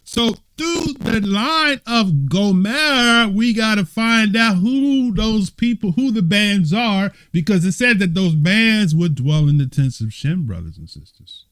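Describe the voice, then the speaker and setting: A man's voice: high-pitched, animated, a little slow, few pauses, fairly bright tone, smooth. A man, an elder of a congregation, teaching a bible study in a conversational way, reading passages aloud and asking his listeners questions. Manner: laughing fits, struggling to keep composure; conversational, asks the audience questions.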